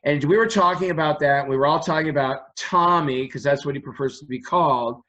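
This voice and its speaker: Guest, man with a runny nose, raised pitch, rambling chatty storyteller. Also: a little fast, pushed and bright, highs cut off. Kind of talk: casual storytelling interview.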